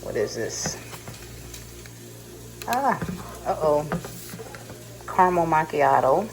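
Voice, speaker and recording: A woman's voice: deep voice, very animated, slow pace, poor audio. A middle-aged woman from California chatting casually to her vlog viewers, rambling and laughing at herself. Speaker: vlogger. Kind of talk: casual chat to camera. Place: car, then home kitchen. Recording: car noise in background.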